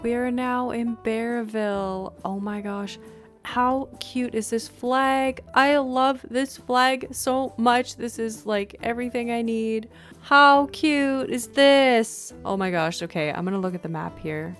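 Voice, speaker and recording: Woman host, unhurried and effusive game commentary, throat-clearing habit, light music underneath. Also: on the high side. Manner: gushing, excitable, frequent exclamations; clears throat and sniffs often. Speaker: gaming video host. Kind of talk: casual gameplay commentary.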